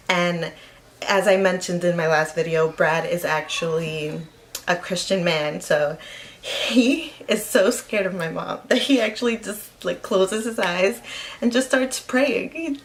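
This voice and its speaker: A woman's voice: on the low side, measured pace. A woman telling a personal story in a casual vlog, rambling, with lots of "like" fillers. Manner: rambling, heavy use of "like" fillers. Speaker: vlogger.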